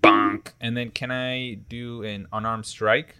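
A man's voice: medium pitch, flat delivery, a little slow, bright, forceful tone, smooth, no echo. A man playing a tabletop game, joking and giggling often. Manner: giggly, playful. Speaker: player. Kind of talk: casual play at a tabletop game.

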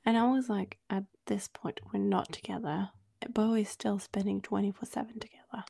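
A woman with a husky, gravelly voice tells a story in a relaxed, chatty way. Her tone is dark and mellow, and she fills her talk with "like"s while acting out what each person said. She sounds like a podcast co-host in easy conversation. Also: mid-range voice, moderate pace, no room sound. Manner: chatty, many "like"s, acts out quoted dialogue. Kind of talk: casual storytelling chat.

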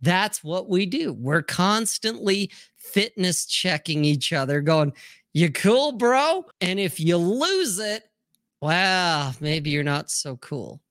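A man's voice: high voice, lively intonation, slow pace, a bit bright, no echo, studio quality. A middle-aged man hosting a livestream, ranting crudely in casual chat and acting out quotes in different voices. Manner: profane, ranting, acts out quotes. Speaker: livestream host.

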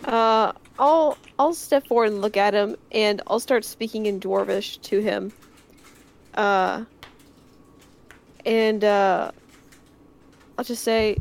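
Slow gravelly woman at the game table, takes her time. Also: medium pitch, steady tone, a little hiss or hum. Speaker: player.

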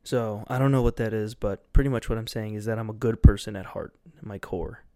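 A man's voice: on the low side, fairly even intonation, fairly quick, warm tone, clear, resonant tone, no room sound, clean studio sound. A young man rambling casually as a podcast host, loose and goofy, with lots of fillers and swearing.

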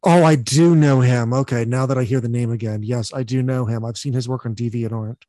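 A man hosting a podcast, asking questions in a relaxed, hesitant way. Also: medium pitch, fairly quick, no echo. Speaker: podcast host. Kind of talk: casual interview.

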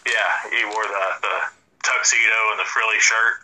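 A man's voice: lowish voice, steady tone, normal speed, bright, forceful tone, rough recording. A man co-hosting a casual wrestling chat, joking and rambling with frequent restarts. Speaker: podcast co-host.

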